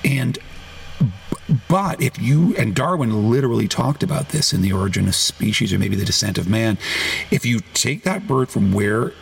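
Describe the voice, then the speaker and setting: Gravelly-voiced man, rambling author. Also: fairly low pitch, moderate pace, a little hiss or hum. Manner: rambling, self-correcting, animated. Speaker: author guest. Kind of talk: podcast conversation.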